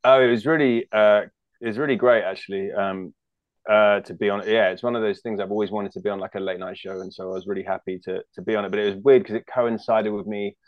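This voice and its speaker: A man's voice: lowish voice, steady tone, fast, no echo, dull audio. A man with a British accent, a guest comedian chatting casually, rambling and joking with many restarts. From United Kingdom. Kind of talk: casual chat.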